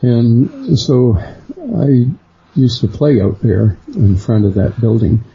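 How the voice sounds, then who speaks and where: A middle-aged man, a guest on a radio interview, slowly recounting a personal experience and lifting his voice for the people he quotes. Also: sing-song, vocal fry, slightly rough. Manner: unhurried storyteller who acts out quoted voices higher. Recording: dull lo-fi sound.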